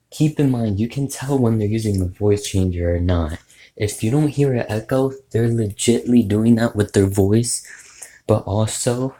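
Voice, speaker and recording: A man's voice: fairly low pitch, dark tone, rough recording. A man giving casual, rambling tips on doing voice impressions, with lots of fillers and restarts. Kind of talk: casual spoken tutorial.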